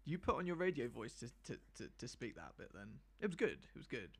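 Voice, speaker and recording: A man co-hosting a podcast with a teasing, pushy manner. His voice sits at an ordinary pitch and swings lively up and down as he talks. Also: quick pace, gravelly, slightly rough. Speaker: podcast co-host. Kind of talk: casual chat.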